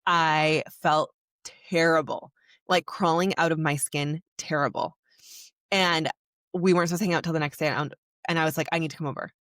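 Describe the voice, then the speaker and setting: A woman's voice: low voice, fairly even intonation, moderate pace, a bit bright, no room sound, clean studio sound. A young woman hosting a podcast, telling an emotional personal story in a candid, rambling way full of "like". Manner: candid, emotional, heavy use of "like". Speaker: podcast host.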